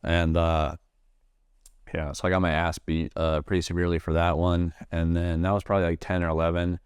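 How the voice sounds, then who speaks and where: A man with a very deep, smooth voice tells his own story in a sit-down interview. He talks in a halting way, full of fillers and restarts, and swears freely. He is recorded close in a dry space. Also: level tone, dry recording. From Nebraska, USA. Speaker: Marine veteran guest.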